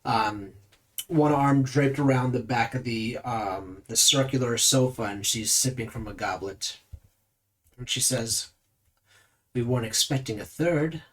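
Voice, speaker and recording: A man's voice: medium pitch, measured pace, fairly bright tone. A man running a tabletop game as game master, narrating loosely with many fillers.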